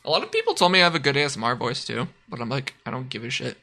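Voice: mid-range voice, sing-song, rapid-fire, creaky, bright, forceful tone. A young adult guest on a stream in casual chat, laid-back and slangy, swearing casually.

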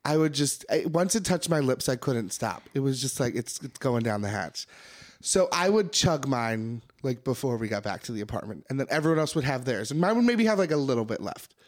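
A young man co-hosting a podcast, telling animated stories with acted-out quotes, laughing often and swearing casually. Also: medium pitch, a little fast. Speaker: podcast co-host. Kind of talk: casual chat.

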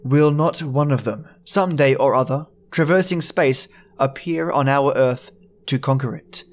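A man's voice: mid-range voice, unhurried. A man narrating a classic horror story in the first person, reading in an anguished, theatrical way as a podcast storyteller.

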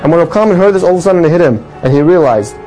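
A man telling a religious story with a moral in an animated sermon style, his voice rising for the dramatic lines. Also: on the high side, rapid-fire, soft background music, rough recording. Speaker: storyteller teaching a religious lesson.

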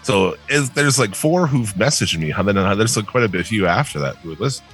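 A man's voice: fairly low pitch, lively intonation, a little fast, fairly bright tone, soft background music. A man co-hosting a podcast in loose, sarcastic, heavily profane casual chat. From northern United States. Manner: loose, sarcastic, swears a lot. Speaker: podcast co-host.

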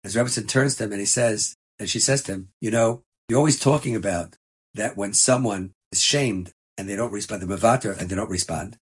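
Rabbi, man, husky and passionate, tells a moral story with emphasis. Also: fairly low pitch, a little fast. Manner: emphatic, passionate storytelling with Yiddish and Hebrew terms. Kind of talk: inspirational story talk.

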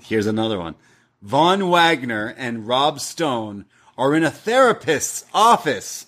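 Animated man recapping wrestling. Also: mid-range voice, slow pace. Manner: animated storytelling, acts out quotes. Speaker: podcast co-host. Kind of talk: casual review chat.

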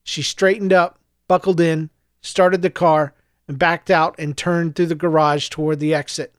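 A man narrating an audiobook in an even, measured way. His voice sits high for a man, and the recording is dry and close with no room sound. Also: no echo. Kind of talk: scripted narration.

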